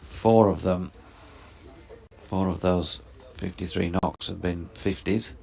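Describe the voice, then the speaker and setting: A man giving measured ball-by-ball cricket commentary, describing each delivery in detail. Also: low-pitched, fairly even intonation, creaky, a little mellow.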